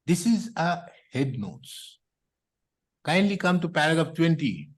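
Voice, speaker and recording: Indian guy judge, high pitched, stern and impatient, scolding a lawyer in court. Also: very animated, measured pace. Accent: Indian English. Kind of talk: courtroom hearing. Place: courtroom, on a video hearing feed.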